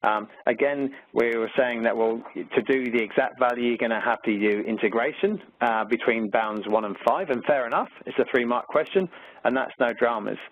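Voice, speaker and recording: A man's voice: medium pitch, moderate pace. A man with an Australian accent, a maths teacher walking through exam questions in a chatty way with lots of fillers. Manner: chatty, many fillers, upbeat about the material. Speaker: maths teacher presenting a webinar. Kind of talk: conversational teaching walkthrough. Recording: tinny phone-like webinar audio, dry.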